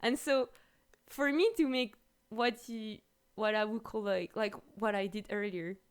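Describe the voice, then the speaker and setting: A woman with a French accent, a native French speaker, chatting casually as a stream host, lively and quick to laugh, with many restarts. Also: medium pitch, clean tone. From France. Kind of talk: casual chat.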